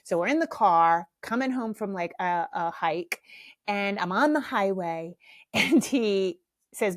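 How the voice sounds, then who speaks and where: A middle-aged woman tells a funny family story on her podcast. She talks casually, animated and self-mocking, and swears without a second thought. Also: medium pitch, measured pace. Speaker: podcast host.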